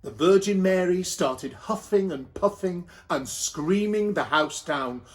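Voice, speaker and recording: A man's voice: high voice, animated, slow pace. A man with a Welsh accent telling a comic story in a camp, theatrical way.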